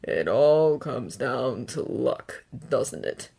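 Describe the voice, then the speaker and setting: A woman voicing a sinister adult male killer who speaks in a slow, oily drawl. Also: very deep voice, sing-song, gravelly, mellow, breathy edge, voice pushed down, heavily acted. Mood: contemptuous.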